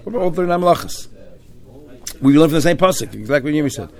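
A man's voice: on the high side, expressive, racing, creaky, darkish tone. A man leading a Talmud study discussion, arguing and questioning, sprinkling in Hebrew and Yiddish terms. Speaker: Torah study teacher.

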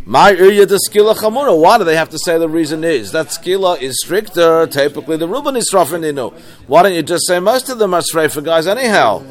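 Man teaching Talmud, rather high voice. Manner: translating Aramaic phrase by phrase, explanatory. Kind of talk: Talmud study class.

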